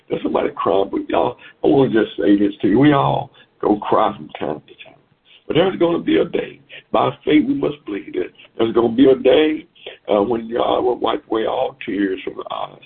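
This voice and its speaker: Preacher guy on a phone call, low gravelly voice, keeps repeating himself, tinny line. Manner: repetitive, exhorting, sing-song preaching cadence. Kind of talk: sermon over a phone call.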